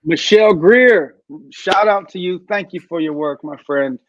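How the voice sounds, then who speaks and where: A man speaking as a guest in a video call interview, an animated storyteller who acts out the voices he quotes. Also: high voice, unhurried, no room sound, lo-fi sound.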